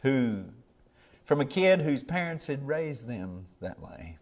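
Older guy preaching, folksy plain talk, earnest, gets loud on the big points. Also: mid-range voice, big pitch swings, slow pace, a little hiss or hum. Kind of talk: sermon.

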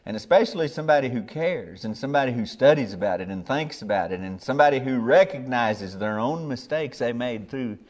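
A man's voice: mid-range voice, animated, brisk, few pauses. An older man, a preacher giving a sermon in a folksy, plainspoken way, earnest and building to emphatic peaks.

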